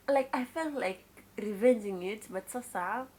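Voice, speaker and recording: A woman's voice: medium pitch, animated, measured pace, darkish tone, slight background noise. Chatty Kenyan woman telling a story. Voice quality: mixes in Swahili words and exclaims "kai" often. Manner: confiding, chatty retelling to viewers. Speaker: vlogger. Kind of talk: casual storytime monologue.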